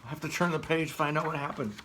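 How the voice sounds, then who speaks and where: A man reading a picture book aloud as a children's librarian, gently asking the listener questions. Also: on the high side, fast talker, a little hiss or hum.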